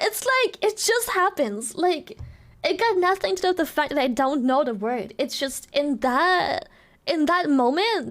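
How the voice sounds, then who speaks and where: A woman from Germany, a native German speaker, chatting casually on stream, ranting animatedly with lots of laughter and swearing. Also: high-pitched.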